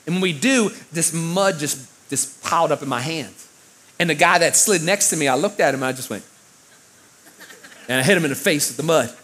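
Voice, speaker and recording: Guy preaching, high bright voice, gets loud then drops way down. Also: a little fast, slightly rough. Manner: animated, with big swings of loudness. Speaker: pastor. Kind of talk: storytelling sermon.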